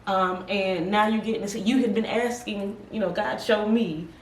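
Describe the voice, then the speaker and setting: A woman's voice: mid-range voice, normal speed. Tired woman co-host chatting casually. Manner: animated, laughing, full of fillers. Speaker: podcast co-host. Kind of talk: casual chat. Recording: echoey room, from a distance, faint noise.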